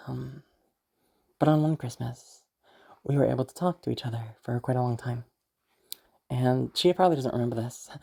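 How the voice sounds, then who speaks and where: A young adult vlogger talking casually to camera in a mellow, relaxed voice. The talk rambles along with plenty of "um"s and little giggles. Pitch sits mid-range for the speaker. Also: vocal fry. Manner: rambling, frequent fillers and giggles. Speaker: YouTube voice creator.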